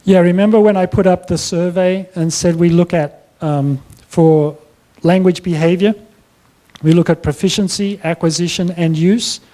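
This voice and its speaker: A man giving a plenary talk at a conference, answering audience questions in a measured, explanatory way. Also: high voice, fairly even intonation, mellow. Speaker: plenary speaker. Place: conference hall.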